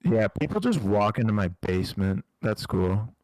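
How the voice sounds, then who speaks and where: A man's voice: on the low side, very animated, normal speed, darkish tone, no room sound. A playful young man co-hosting a podcast from a basement, teasing his co-host in casual chat.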